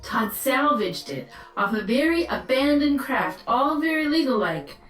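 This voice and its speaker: A woman plays a sly, rough-talking mother from the low city in a video game, sugary polite on the surface and defensive underneath. Her voice sits a little high and sounds distant and echoey, with music playing underneath. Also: expressive, a little slow. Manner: falsely polite, then cursing and yelling.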